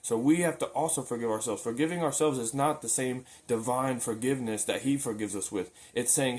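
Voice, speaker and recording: An earnest man preaching casually in a talk-to-camera video, at a medium pitch. His delivery is loose and conversational, full of informal turns of phrase. He often repeats words and restarts his sentences as he works through a thought. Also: fairly quick, hardly any pauses, darkish tone. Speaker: religious video maker.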